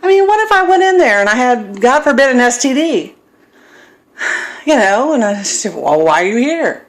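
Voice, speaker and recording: A woman's voice: sits high, animated, normal speed. A middle-aged woman in her home kitchen, recording a casual cooking vlog on her phone and wandering into self-deprecating stories. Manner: rambling, self-deprecating storyteller. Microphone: phone camera.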